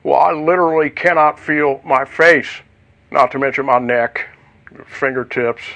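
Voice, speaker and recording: A man's voice: mid-range voice, a little slow, gravelly, bright, forceful tone. A man putting on a Southern drawl to play an aging, self-mocking male football star in a joke voicemail. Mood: joking. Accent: Southern US, put on. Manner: rambling, self-mocking, folksy.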